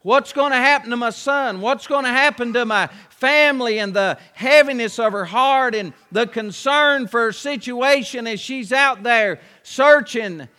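A man preaches slowly in a high, clear voice, drawing out a Bible story with folksy asides. He keeps asking his hearers to imagine themselves in the story. His words ring with the long reverb of a church hall. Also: pushed and bright. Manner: folksy, storytelling, asks rhetorical questions. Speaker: pastor. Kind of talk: sermon.

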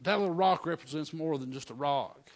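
A middle-aged man, preaching a folksy storytelling sermon with fervent bursts of praise. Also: fairly high pitch. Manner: fervent, building to loud praise shouts; folksy dialect, drawn-out emphasis.

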